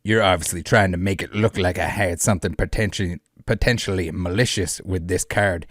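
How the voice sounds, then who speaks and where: A man voicing a defensive, curt evil cowboy, loud and clipped. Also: deep voice, brisk, dry recording, studio quality.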